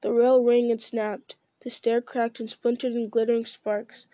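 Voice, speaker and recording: A woman reading a novel aloud at a steady pace, with small slips and restarts. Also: a little high, unhurried, no echo. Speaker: reader.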